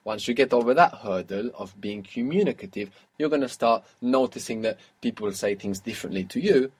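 A man's voice: mid-range voice, fairly quick, husky. A man teaching a language lesson, patiently prompting a student and praising each answer. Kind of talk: guided audio language lesson.

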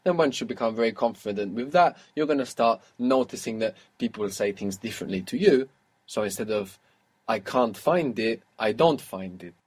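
A man's voice: mid-range voice, animated, moderate pace, a little mellow, breathy edge. A man teaching a language lesson, patiently prompting a student and praising each answer. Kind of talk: guided audio language lesson.

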